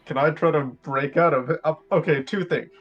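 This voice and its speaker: A man playing a tabletop game, talking in a halting, bewildered way with restarts and swearing. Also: on the high side, fairly even intonation, fairly bright tone, dull audio, faint music behind. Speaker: player. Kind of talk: casual tabletop game play.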